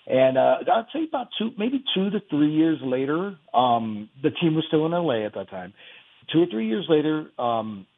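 A man calling in to a radio show, telling a story in a rambling, halting way over a phone line. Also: fairly high pitch, very animated, gravelly. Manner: rambling, halting, many restarts. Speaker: caller.

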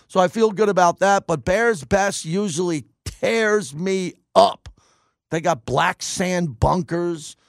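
A man with a fairly high voice hosts a sports radio show, delivering an opinionated monologue with emphasis and repeating lines for punch. He's recorded on a studio microphone, and the sound is clean with no room echo.

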